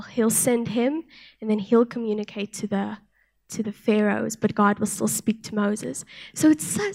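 A young woman from South Africa giving an earnest sermon with personal testimony, speaking softly and often restarting her sentences. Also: high-pitched. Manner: soft-spoken, earnest, with frequent restarts. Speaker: church speaker.

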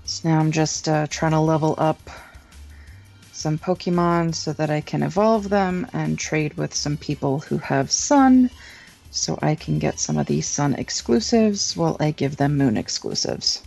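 Low-voiced wry woman co-host. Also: expressive, a little slow, creaky, a little mellow, faint music behind. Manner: blunt, wry, complaining. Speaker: podcast co-host. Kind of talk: casual chat.

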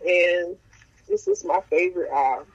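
A woman's voice: lowish voice, huge pitch swings, a little slow, highs cut off. A woman co-hosting a podcast, chatting casually with slangy, exclamatory talk; she works as a teacher. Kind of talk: casual chat.

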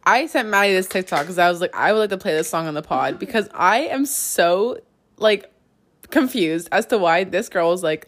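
A young woman co-hosting a casual podcast, chatty and quick to laugh. Her voice sits at a middle pitch, and she swears freely as she tells stories. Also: lively intonation. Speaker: podcast co-host. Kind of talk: casual chat.

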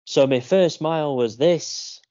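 A man's voice: a little high, measured pace, warm tone, dry recording, highs cut off. A man, co-hosting a podcast and telling a story in a casual, rambling way with lots of fillers. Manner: chatty storyteller, many fillers and restarts. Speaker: podcast co-host. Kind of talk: casual chat.

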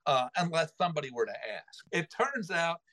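A man's voice: on the high side, moderate pace, no room sound, rough recording. A middle-aged man casually telling a funny family story on a podcast, acting out the voices of the people in it. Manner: animated, acts out quoted voices.

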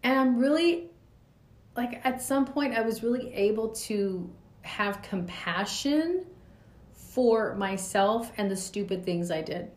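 A woman's voice: fairly high pitch, expressive, slow pace, darkish tone. A woman in her forties hosting a reflective podcast monologue, speaking earnestly with loose spoken asides. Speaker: podcast host. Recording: echoey room.

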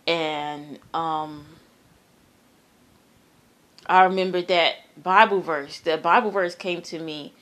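Woman, slow and deliberate, lowish voice, halting and repetitive, earnest personal storytelling. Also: steady tone. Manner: halting, repeats words, trails off softly; earnest, emphatic about the terror. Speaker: storyteller sharing a personal dream. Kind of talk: casual personal testimony.

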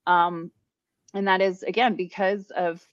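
A woman's voice: lowish voice, level tone, measured pace, no room sound, highs cut off. A woman guest in casual conversation, talking earnestly and rambling with many fillers. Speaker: interview guest. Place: New Orleans.

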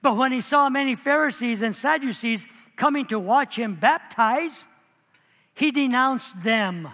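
High-voiced preaching pastor in a reverberant hall. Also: male voice, a little slow. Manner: animated preaching, acting out quoted voices. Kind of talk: sermon.

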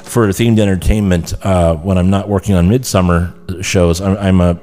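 A laid-back man in his fifties talks shop as a podcast guest. His voice sits fairly low, and he keeps the chat casual and eager, with a good-natured pull between stories. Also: fairly even intonation, moderate pace, mellow, faint music behind. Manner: enthusiastic, laid-back, says "dude" a lot. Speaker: podcast guest, creative director.

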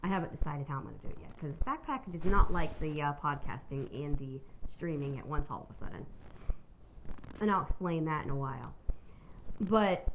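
A woman's voice: low voice, expressive, brisk, dull audio, a little hiss or hum. A woman hosting her own podcast, telling a personal story in a candid, rambling way and swearing freely. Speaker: podcast host.

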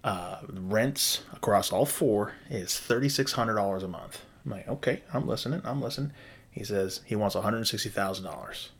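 A man, a property investor, telling a personal story in a blunt, profane, animated way. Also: lowish voice, normal speed, few pauses. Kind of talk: casual storytelling.

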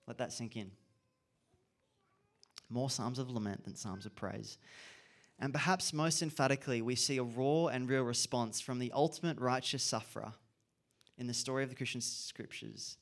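A man giving an earnest, reflective sermon and repeating key phrases for emphasis. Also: mid-range voice. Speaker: preacher.

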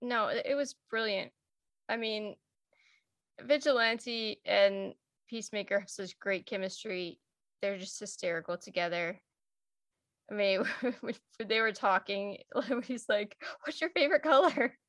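A woman co-hosting a casual podcast chat about a TV show, animated and swearing freely. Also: mid-range voice, measured pace. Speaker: podcast co-host.

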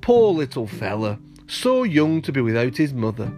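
A man's voice: medium pitch, sing-song, normal speed, a little mellow, faint music behind. A man voicing a kindly, chatty old male owl who hoots sympathetically. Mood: sympathetic. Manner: hooting, sympathetic.

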